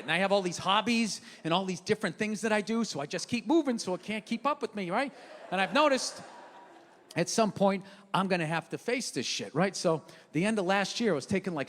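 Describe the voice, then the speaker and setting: A man in his fifties works a live stand-up set with a high, bright, sharp voice, swinging from low grumbles into shouted, profane rants. The sound is roomy, with a long theater reverb and a faint crowd behind him. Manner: animated, profane ranting with sudden shouts. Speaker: stand-up comedian. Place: comedy club stage. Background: audience laughter.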